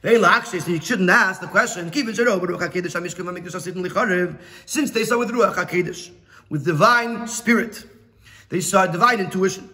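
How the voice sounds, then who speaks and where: Bright high-voiced rabbi teaching a class. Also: male voice, brisk. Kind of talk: Torah lesson explaining a text.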